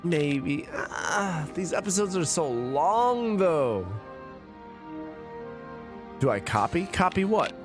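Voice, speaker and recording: A man's voice: on the high side, very animated, slow, long pauses, over music. A drunk man streaming a game, rambling, swearing and chatting with his viewers. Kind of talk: casual live-stream chat.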